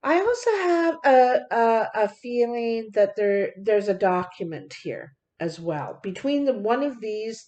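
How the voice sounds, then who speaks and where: A woman's voice: mid-range voice, darkish tone. A woman giving a card reading to her viewers, talking in a folksy, direct way with many fillers. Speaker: card reader.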